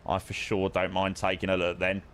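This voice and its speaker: A man's voice: low voice, monotone, fairly quick, a bit bright, slight background noise. A young man casually chatting with his live-stream viewers while flying a sim, matey and greeting people by name.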